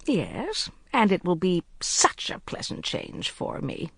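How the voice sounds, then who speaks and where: A narrator putting on a mild, proper older lady with a polite, lively way of speaking. The sound is close and dry, as in an audiobook reading. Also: mid-range voice, slow pace, gravelly, slightly rough, dry recording, exaggerated voice. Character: genteel older woman amateur spy. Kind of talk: audiobook character voice.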